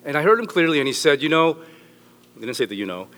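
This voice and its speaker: A man's voice: fairly high pitch, big pitch swings, quick pace, a bit bright. A middle-aged man preaching a sermon as a pastor, joking and rambling with restarts. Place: church hall. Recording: echoey hall with long reverb.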